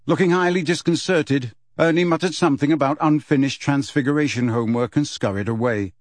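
A man's voice: a little high, dry recording. Man narrating a storybook, dry close sound. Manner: measured storytelling. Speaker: audiobook narrator. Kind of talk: scripted narration.

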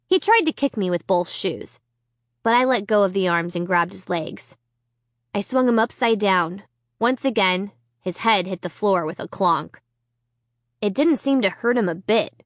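A woman narrating a children's chapter book in the first person, with tense, expressive reading. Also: mid-range voice, no echo, studio quality. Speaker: audiobook narrator.

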